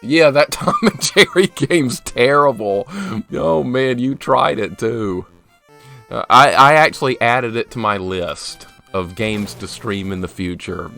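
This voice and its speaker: A man with a somewhat low voice talks casually through a live game stream, greeting viewers by name and joking at his own expense. Faint game music plays behind him. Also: a bit bright. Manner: chatty, greets viewers by name, self-mocking. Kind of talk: casual live gameplay commentary.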